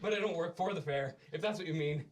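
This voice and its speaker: A man's voice: on the high side, fast talker, voice pushed up, lightly acted. Man putting on Jeevee, a jittery gangly creature. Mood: flustered. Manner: jittery, bewildered, flustered. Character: tall long-limbed nervous male magic-user reporter.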